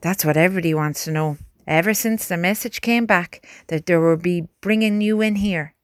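A woman voicing a gentle young male soldier who talks softly and coaxingly to a horse, in a dry recording. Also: on the low side, moderate pace, dry recording, lightly acted. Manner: soft, coaxing.

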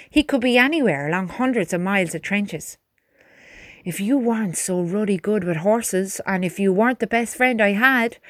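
A woman's voice: mid-range voice, no echo, close to an everyday voice. A woman voicing a blunt, grumbling young male soldier who scolds his friend in an exasperated way, recorded dry.

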